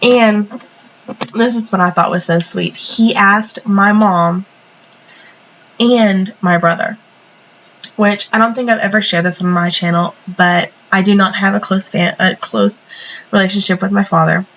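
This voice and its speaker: A woman's voice: mid-range voice, fairly even intonation, unhurried, fairly bright tone, lo-fi sound. Young female vlogger, casual rambling storyteller, sniffly, faint background hum. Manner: chatty, rambling, many fillers and restarts. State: sniffly from a cold. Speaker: planner vlogger.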